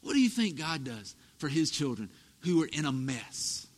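Animated preacher man in echoing hall. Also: fairly high pitch, moderate pace. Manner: storytelling, animated, rising to emphatic peaks. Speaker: pastor. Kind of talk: sermon. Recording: echoey hall reverb.

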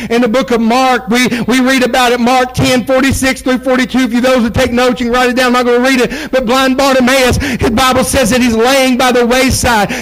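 A man preaching a fervent sermon in a church, repeating phrases and building to shouted calls. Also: very high voice, poor audio. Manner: repetitive, building to shouted exhortations. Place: church sanctuary.

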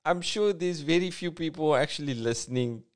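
A man doing an impression of a famous elderly narrator with a slow, grand, mock-solemn delivery. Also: fairly high pitch, voice pushed up, lightly acted. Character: deep-voiced elderly male celebrity narrator, gushing.

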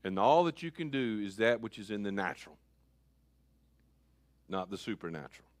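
A man preaching a sermon as pastor, switching between loud calls and quiet asides. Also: on the low side, big pitch swings, normal speed, dry recording.

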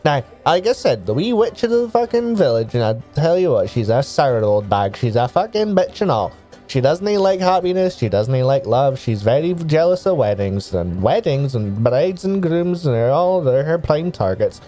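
A man voicing a gruff, chatty village gardener in a Scottish accent, calling everyone "boy". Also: a little high, very animated, normal speed, mellow, faint music behind. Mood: scolding. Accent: put-on Scottish. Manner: folksy, calls people "boy".

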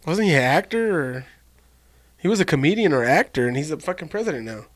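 A man's voice: on the high side, very animated, fast, dry recording. A man in casual chat with friends, swearing freely and laughing as he talks. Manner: profane, laughing banter.

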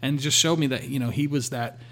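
A man sharing a personal faith testimony in a relaxed conversational way, acting out his talks with God. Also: mid-range voice, brisk. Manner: storytelling, quotes God in a calm voice.

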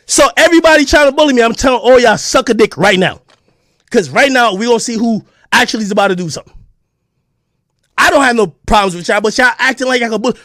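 A man with a podcast delivering an aggressive, profane callout, taunting and often shouting. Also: very high voice, quick pace, dry recording, studio quality. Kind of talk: heated callout rant to camera.

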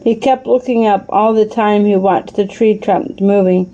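A woman narrating a children's storybook aloud at a clear, even pace. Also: mid-range voice, measured pace, dull audio.

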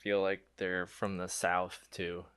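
Deep-voiced man, short teasing asides. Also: flat delivery, slow, fairly bright tone, clean tone, no room sound, studio quality. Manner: brief teasing interjections. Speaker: podcast co-host. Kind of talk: casual podcast chat.

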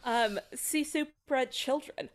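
A woman hosting a casual podcast, telling a history story in a joking, animated way with frequent laughter. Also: high-pitched, takes it slowly. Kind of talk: casual chat.

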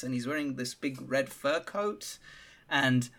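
Guy with a bright forceful voice, animated, laughing a lot, casual movie chat. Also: mid-range voice, moderate pace. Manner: animated, laughs while talking. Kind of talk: casual film discussion.

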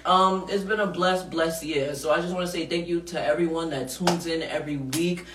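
A woman's voice: lowish voice, steady tone, normal speed, echoey room, distant mic, noisy background. A woman hosting a podcast in a studio, talking casually and frankly, laughing often and swearing freely. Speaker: podcast host.

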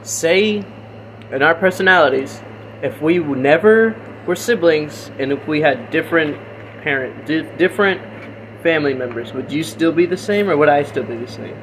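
A man's voice: fairly high pitch, normal speed, poor audio. A young man with a slightly raised voice who jumps into the talk eagerly and trails off mid-thought, now and then chewing as he speaks. A faint noise sits under the recording. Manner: excitable, trailing off, eating while talking. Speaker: podcast co-host. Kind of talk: casual podcast chat.

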